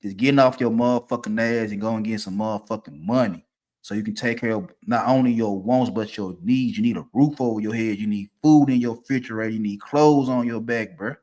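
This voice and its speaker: A man, ranting casually and profanely, swinging from low mutters to loud, emphatic bursts. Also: fairly quick. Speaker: streamer giving opinions.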